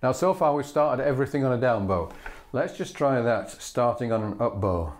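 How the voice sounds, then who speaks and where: A man's voice: mid-range voice, expressive, normal speed, over music. Patient man teaching fiddle bowing. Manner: patient, methodical, sings rhythms aloud. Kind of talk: instructional demonstration. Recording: loud fiddle playing between phrases.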